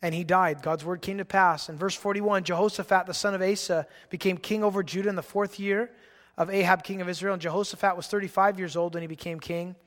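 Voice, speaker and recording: Male pastor, sermon, excitable delivery, acts out characters, high pitch, reverberant hall. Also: fast. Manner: animated, excitable, acting out biblical characters.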